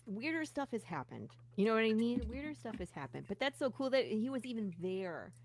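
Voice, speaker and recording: A woman hosting a podcast, giving short, expressive reactions to a guest's story in casual chat. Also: fairly high pitch, brisk. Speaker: podcast host.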